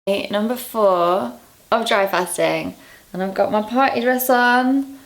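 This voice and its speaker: A young English woman vlogs casually to camera, candid and quick to laugh at herself. Her medium-pitched voice sounds a little out of breath and low on energy.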